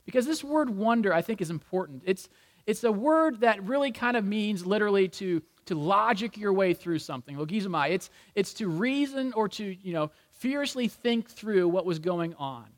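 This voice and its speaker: A man's voice: high voice, expressive, normal speed. A male pastor preaching a sermon in a church with humorous, conversational storytelling. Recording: long reverb in a large hall.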